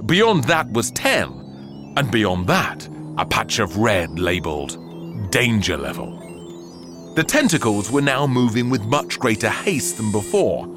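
A male storyteller reads a children's story at an unhurried pace, his pitch rising and falling dramatically. His delivery is theatrical and expressive, with faint music playing underneath. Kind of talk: storybook narration.

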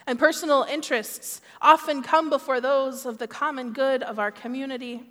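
A woman preaching a sermon in a measured, earnest way. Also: a little high, a bit bright, in a large hall.

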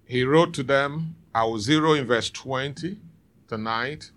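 A man's voice: medium pitch, unhurried, a bit bright. A man preaching a sermon in church, calling out to the congregation for responses. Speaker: pastor.

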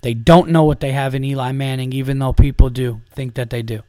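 A man's voice: mid-range voice, fairly even intonation, brisk, mellow, dry recording. A man hosting a comedy podcast, ranting in a heated, profane, emphatic way.

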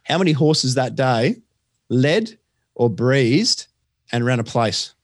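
An Australian man tipping horse races on a podcast, chatty and quick, with lots of fillers and restarts. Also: medium pitch, animated, dry recording, clean studio sound. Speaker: racing podcast tipster. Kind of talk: casual racing chat.

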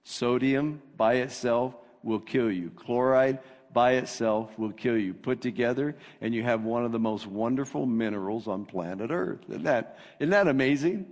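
A man's voice: mid-range voice, normal speed, few pauses, darkish tone. A man preaching a sermon as pastor, reading scripture with rising emphasis. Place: church sanctuary. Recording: long reverb of a church hall.

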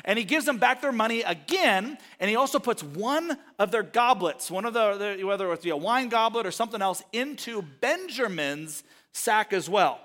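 High-voiced man preaching casually. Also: animated, a bit bright. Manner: retells scripture casually, voicing characters in quick asides. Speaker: pastor. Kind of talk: sermon.

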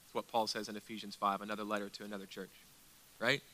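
A man delivers a sermon from the pulpit with a very bright, forceful voice. He presses rhetorical questions on his listeners and then drops to a hushed intensity. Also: fairly low pitch, flat delivery, quick pace, slight background noise. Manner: emphatic preaching with rhetorical questions, dropping to quiet intensity. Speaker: pastor.

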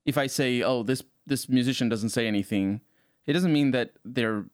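A man's voice: mid-range voice, moderate pace, dry recording, studio quality. A young man in casual podcast chat, earnest and hedging, often restarting his sentences.

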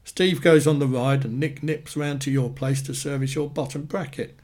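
A man's voice: mid-range voice, steady tone, moderate pace, darkish tone, natural voice. A man reading a story aloud, putting on the voice of a furious, accusing betrayed wife who swears at her rival.

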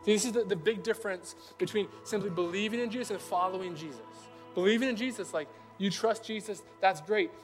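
High-voiced young man preaching casually. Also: a little fast, few pauses, soft background music. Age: young adult. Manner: chatty, animated, acts out quoted voices. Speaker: pastor. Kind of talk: casual conversational sermon.

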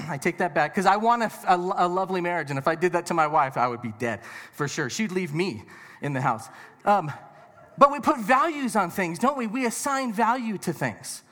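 A man with a high voice preaches to a crowd, chatting and joking and tossing out questions. The sound carries a long echo of a big hall behind him. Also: lively intonation, moderate pace, sharp tone. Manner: conversational and joking with the audience, rhetorical questions. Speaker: pastor. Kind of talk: sermon. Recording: reverberant hall.

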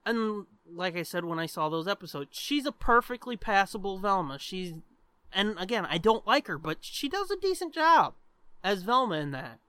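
A high, bright, smooth male voice, talking in loose, animated podcast banter and swearing freely. He rambles through his points. The sound is dry and close. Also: moderate pace, dry recording. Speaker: podcast co-host. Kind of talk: casual chat.

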